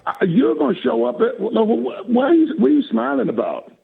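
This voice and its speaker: An older man on a phone call as a talk guest, talking in a lively, preacherly way and laughing often. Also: very high voice, brisk, creaky, breathy edge. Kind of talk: casual chat. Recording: tinny phone line.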